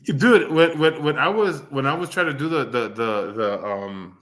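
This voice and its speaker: A man's voice: medium pitch, animated, moderate pace, a bit bright. Rambling man in a roomy echo. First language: Spanish. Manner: rambling, many restarts, acts out voices animatedly. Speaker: podcast co-host. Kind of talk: casual chat.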